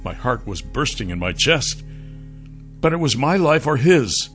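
Bright-voiced male audiobook narrator. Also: mid-range voice, big pitch swings, unhurried, faint music behind. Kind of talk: first-person fantasy audiobook narration.

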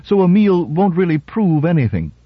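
Man putting on a higher-pitched woman scientist, crisp, detached, lecturing, dry dull radio sound. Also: big pitch swings, normal speed, dry recording, heavily acted. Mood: lecturing, cool. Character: cool, precise woman robot psychologist. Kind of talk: radio story reading.

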